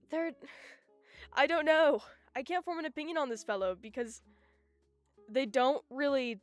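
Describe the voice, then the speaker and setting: A high-pitched woman streams live and rants about her opinions, animated and quick to cut herself off. Faint music plays softly behind her. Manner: animated, ranting, self-interrupting. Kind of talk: casual live-stream chat.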